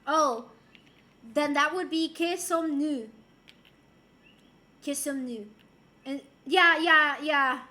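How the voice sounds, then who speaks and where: A woman's voice: high-pitched, slow pace, pauses often, pushed and bright. A woman from Puerto Rico streaming and chatting casually with viewers, playful and giggly, dropping in Spanish and French phrases. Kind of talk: casual chat reading viewer messages.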